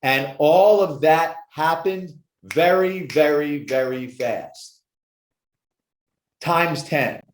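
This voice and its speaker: A man who works as an addictions success coach, telling his story with emphatic, animated energy in a podcast interview. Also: fairly high pitch, very slow. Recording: roomy echo.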